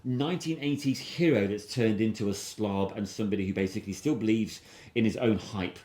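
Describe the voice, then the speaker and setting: A man's voice: lowish voice, a little fast, mellow. A man hosting a film review podcast, rambling and enthusiastic in casual chat, with frequent restarts. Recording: roomy echo.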